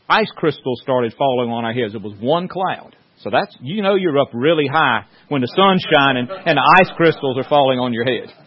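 A man preaching a sermon in a folksy, joking storytelling way, with many restarts. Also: fairly high pitch. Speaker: pastor. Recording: dull lo-fi sound.

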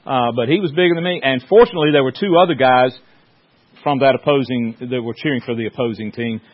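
A man's voice: medium pitch, fast. A man preaching a sermon in a folksy, joking storytelling way, with many restarts. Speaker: pastor. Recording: dull lo-fi sound.

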